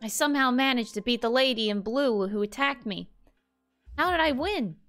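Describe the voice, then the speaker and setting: A woman's voice: on the high side, animated, moderate pace, a bit bright, faint music behind. A young woman streamer reading a game's text aloud in first person, trying an accent and laughing at herself.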